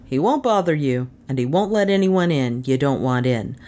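A woman reading as a firm, steady man giving orders. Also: mid-range voice, moderate pace, pitched below the performer's own voice, lightly acted. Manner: steady, commanding.

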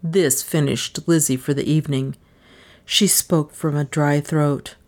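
A woman narrating an audiobook in a measured, even storytelling manner. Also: low voice.

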